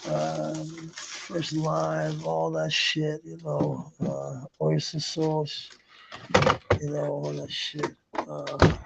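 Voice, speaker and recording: Gravelly man chatting on a stream. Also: a little high, monotone, very slow, noisy background. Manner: rambling, swears often, laughs at chat comments. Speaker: livestreamer. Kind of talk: casual live chat. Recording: muffled lo-fi stream audio.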